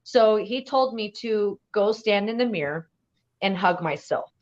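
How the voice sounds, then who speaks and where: A woman in a casual podcast conversation, telling a personal story in a halting, earnest way with many restarts. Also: medium pitch, animated. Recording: dull lo-fi audio.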